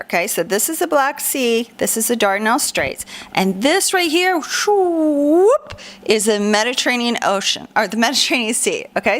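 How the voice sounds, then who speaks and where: A woman teaching a children's lesson in a playful, animated, sing-song way. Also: fairly high pitch. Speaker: homeschool teacher.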